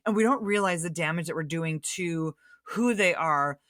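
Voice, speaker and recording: A woman's voice: fairly low pitch, moderate pace, fairly bright tone, no echo, studio quality. A woman hosting a podcast who asks her guest a question in a thoughtful, casual way. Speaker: podcast host. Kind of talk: interview question.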